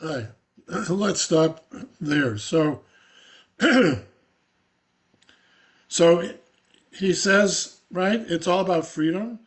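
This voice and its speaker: An older man, a rabbi, teaching an adult class over a video call in a halting, scratchy voice full of restarts. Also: high voice, lively intonation. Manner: halting, with many fillers and restarts. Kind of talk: informal online lecture.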